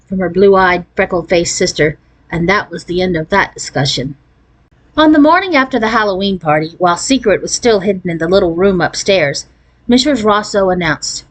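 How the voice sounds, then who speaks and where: A woman reading a children's novel aloud in an expressive storytelling manner, lifting her voice for the characters' lines. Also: moderate pace. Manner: expressive storytelling, raising pitch for quoted voices. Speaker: narrator.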